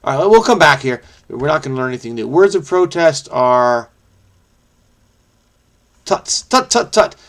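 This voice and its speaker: A man mutters to himself while working through a crossword, thinking aloud with lots of fillers and self-corrections. His mid-range voice has lively intonation, alternating quick bursts with slower musing.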